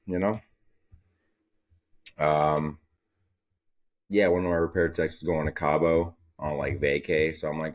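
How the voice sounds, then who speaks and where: A man's voice: very deep voice, steady tone, normal speed, long pauses. A young man hosting a casual solo podcast, telling stories in a profane, rambling way. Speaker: podcast host.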